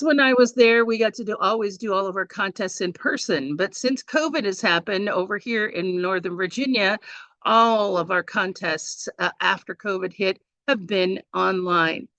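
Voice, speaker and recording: A woman presenting a speaking workshop over a video call, chatty and animated, often restarting her sentences. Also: mid-range voice, no echo, rough recording.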